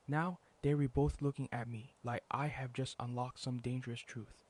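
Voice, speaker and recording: A man narrates a comedic story in the first person. He keeps his delivery calm and deadpan at a middle pitch and lets pauses hang for effect.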